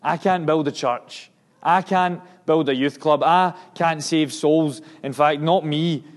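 A man's voice: a little high, steady tone, slow pace. A man with a Scottish accent giving a sermon and mission report to a congregation, earnest and emphatic, often restarting his words. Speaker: missionary preacher.

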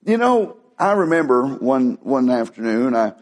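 A preacher man delivering a sermon. He swings from high, pleading quoted voices down to low, hushed warnings, and keeps it conversational and animated. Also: unhurried. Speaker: pastor.

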